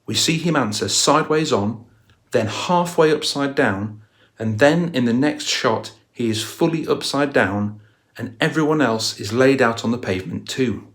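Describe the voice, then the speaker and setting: A man's voice: mid-range voice, normal speed. Man narrating a video explainer. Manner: storytelling, analytical walkthrough. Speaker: guitar channel host.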